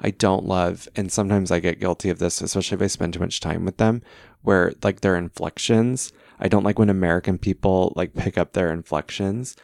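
A man's voice: low voice, steady tone, brisk, creaky, darkish tone, dry recording, studio quality. A man hosting a podcast, chatting casually and telling self-deprecating stories. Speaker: podcast host. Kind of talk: casual chat.

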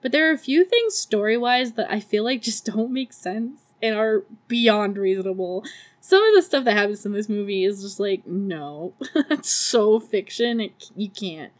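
A woman hosting a podcast, recapping a movie casually, laughing often and swearing freely. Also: mid-range voice. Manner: giggly, laughs often between sentences. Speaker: podcast host.

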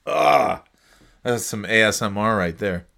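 A man's voice: fairly low pitch, fairly even intonation, normal speed, sharp tone, a little hiss or hum. A man hosting a casual solo podcast, rambling through his thoughts with frequent restarts, swearing and chuckles. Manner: chuckles often between phrases. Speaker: podcast host.

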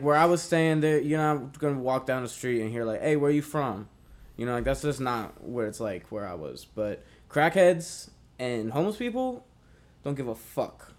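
A young man telling a story in casual chat, rambling and swearing, with lots of fillers. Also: mid-range voice. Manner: rambling, profane, many fillers.

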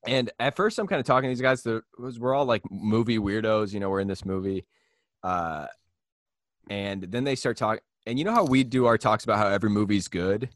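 A young man with a lowish voice tells a rambling, laugh-filled story in casual podcast chat. The sound is dry and close to the mic, and he keeps breaking into quick impressions of people. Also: no echo. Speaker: podcast host.

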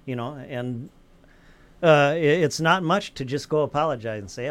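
A man giving calm advice in a casual round-table talk, with many fillers. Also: a little high, moderate pace. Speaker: guest mentor.

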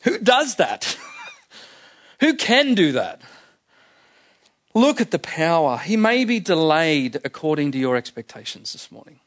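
A man preaching a sermon with a somewhat high voice. He explains scripture plainly, as if chatting with the congregation, and leans on repeated phrases to drive points home. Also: big pitch swings, a little slow, pauses often, a bit bright. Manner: emphatic, repeats key phrases for effect.

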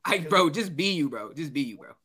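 Man, podcast co-host, fast, bright, very lively storytelling. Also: fairly high pitch. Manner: animated storytelling, acts out quotes, laughs often. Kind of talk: casual podcast chat.

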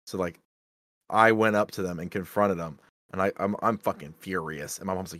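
A young man co-hosting a podcast, telling stories in a jokey, animated way with acted-out quotes. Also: lowish voice, normal speed, dry recording, clean studio sound. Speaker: podcast co-host. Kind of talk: casual chat, storytelling.

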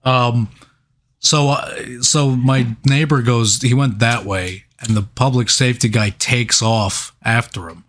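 A man's voice: medium pitch, takes it slowly. A man co-hosting a podcast, telling a long casual story full of swearing and laughs. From New York. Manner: profane, animated anecdote with laughs. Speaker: podcast co-host.

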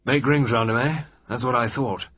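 A male narrator voicing a bluff, blustering old air marshal in a gruff, hearty manner. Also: mid-range voice, fairly even intonation, normal speed, a bit bright, pitched above the performer's own voice, lightly acted. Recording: slightly muffled dry recording.

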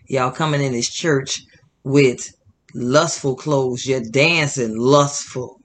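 This man hosts indignant religious commentary, speaking directly to viewers as "y'all" with emphatic repetition and a fired-up, preachy style. His voice is mid-range and fairly bright, slow, with fairly even intonation.

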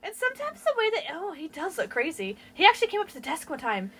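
A woman's voice: very high-pitched, fast talker, slight background noise. A woman co-hosting a podcast, telling workplace stories in casual chat, swearing freely. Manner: profane, storytelling, lively. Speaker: podcast co-host.

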